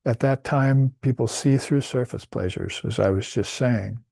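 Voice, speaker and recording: A man's voice: mid-range voice, normal speed, creaky, dark tone, dry recording. A man giving a spiritual talk as a teacher, explaining Sanskrit terms with fillers and restarts along the way.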